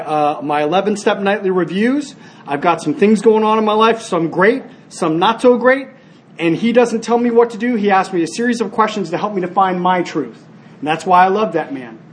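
Man, high-pitched, earnest speaker at a recovery meeting; animated storyteller who restarts often. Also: slight background noise. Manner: storytelling, animated when acting out scenes. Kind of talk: personal share with told stories.

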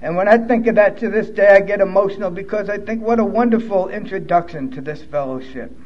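A high-pitched man recounts his own story in a blunt, profane way that turns emotional. The recording is a little dull and lo-fi, like a modest room capture. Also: brisk. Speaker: speaker sharing his recovery story. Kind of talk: personal testimony storytelling.

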